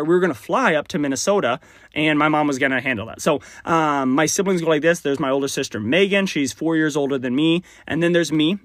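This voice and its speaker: A man's voice: fairly high pitch, a bit bright, no echo, studio quality. A young man from Texas hosting a solo podcast, talking in a rambling, friendly, self-deprecating way. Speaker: podcast host. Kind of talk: casual solo podcast monologue.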